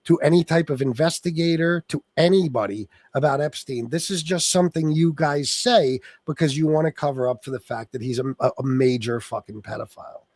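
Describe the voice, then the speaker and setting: Angry and profane, the political livestreamer of Sicilian descent reads chat and rants at his audience. He speaks a little fast with few pauses, in a slightly high, slightly mellow voice, and the sound has no echo.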